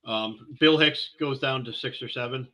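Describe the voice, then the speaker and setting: Podcast guy, bright tense voice, swears a lot, rambly casual chat. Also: medium pitch, moderate pace, rough recording. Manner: swears freely, loose and rambling. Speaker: podcast co-host.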